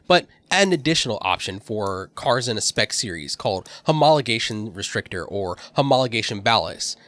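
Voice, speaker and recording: A man's voice: medium pitch, sharp tone. A man hosting a weekly gaming recap, reading a scripted voice-over in a dry, matter-of-fact way with the odd wry aside. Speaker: gaming channel host.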